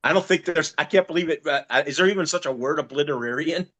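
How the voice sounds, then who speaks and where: A man's voice: a little high, quick pace, fairly bright tone. A man in casual chat, amused and giggly.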